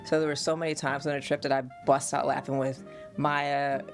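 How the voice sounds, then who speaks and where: A woman from the United States, a podcast host and mother, telling family stories in an animated, casual way and laughing often. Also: very deep voice, a little fast, faint music behind.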